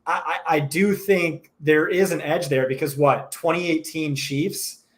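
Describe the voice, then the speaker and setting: A man co-hosting a live stream and chatting casually, brisk and opinionated, often restarting his sentences. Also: on the high side, fairly even intonation. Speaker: co-host.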